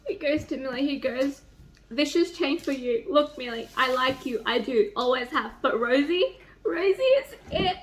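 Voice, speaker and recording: A young woman vlogging at home about a book she is reading, reading passages aloud and reacting with excited squeals and swearing. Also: normal speed. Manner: gushing and excitable, swings into high squeals and swearing. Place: home, near a microwave.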